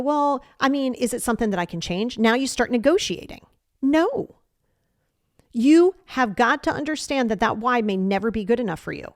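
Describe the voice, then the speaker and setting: A woman's voice: fairly high pitch, a little mellow, dry recording. Middle-aged woman doing a self-help podcast, blunt and emphatic, dry close sound. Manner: direct, emphatic, lecturing listeners. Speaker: podcast host.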